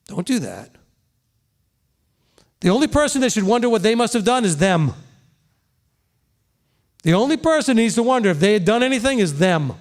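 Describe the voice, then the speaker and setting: With big swings in pitch, a high-voiced, middle-aged pastor preaches a sermon in an ordinary, talk-to-you style. His tone is earnest, and he keeps tossing out a brief "okay?" to make sure his audience is following.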